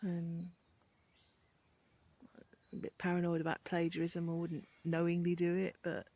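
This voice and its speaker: A woman from Birmingham with a softened Brummie accent, chatting casually and rambling with many ums, sounding tired. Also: on the low side, monotone, measured pace. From Birmingham, England. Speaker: vlogger. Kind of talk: casual chat to camera. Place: outdoors in woodland with birds.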